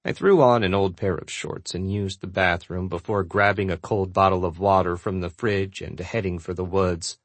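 A man narrating a first-person audiobook in a steady, relaxed storytelling manner. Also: sits low, normal speed, hardly any pauses, dry recording.

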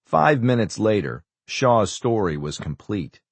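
A man narrating an audiobook thriller in a steady, even storytelling voice. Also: fairly low pitch, unhurried, husky, no room sound. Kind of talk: scripted narration.

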